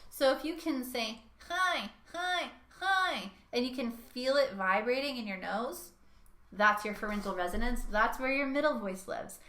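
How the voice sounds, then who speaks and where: A young woman vocal coach giving a singing lesson, talking in a lively way and showing each sound with her own voice. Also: a little high, moderate pace, echoey room.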